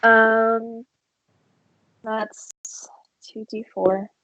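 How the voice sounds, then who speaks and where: A woman narrating a tabletop game as game master, unhurried and halting, with many fillers. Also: fairly high pitch, level tone, sharp tone, no room sound, highs cut off.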